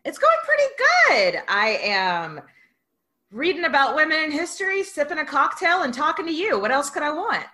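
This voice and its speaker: A woman's voice: sits high, sing-song, moderate pace, bright, forceful tone. A woman co-hosting a podcast, chatting casually and laughing often. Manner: chatty and giggly. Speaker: podcast co-host. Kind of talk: casual chat.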